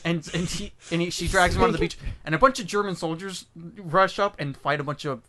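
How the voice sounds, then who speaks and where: Fast, bright-voiced man riffing sarcastically. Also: sits high. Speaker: podcast co-host. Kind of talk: casual movie review chat.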